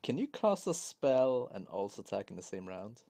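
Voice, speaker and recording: A man's voice: lowish voice, moderate pace, gravelly. A man playing in a tabletop game, chatting casually in a playful way. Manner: playful, animated. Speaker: player.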